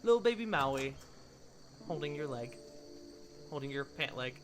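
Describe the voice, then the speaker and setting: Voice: medium pitch, animated, normal speed, noisy background. A game master narrating a tabletop game in a casual, rambling way. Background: background music.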